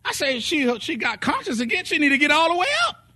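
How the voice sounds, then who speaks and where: A man with a very high-pitched voice preaches a sermon at a fast pace. He tells testimonies with animated storytelling, acting out quotes and singing some phrases.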